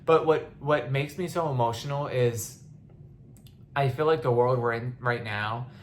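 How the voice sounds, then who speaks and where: A woman's voice: very deep voice, a little slow, a little hiss or hum. Impassioned woman, rambling podcast monologue. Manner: impassioned, rambling with restarts, near tears at times. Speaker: podcast host. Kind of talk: casual monologue.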